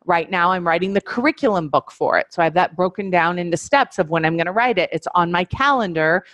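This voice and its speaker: A woman's voice: fairly low pitch, quick pace, fairly bright tone, no echo. A woman coaching an audience in a webinar, speaking emphatically, repeating key phrases and addressing her listeners directly. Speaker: life coach teaching a webinar. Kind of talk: instructional webinar talk.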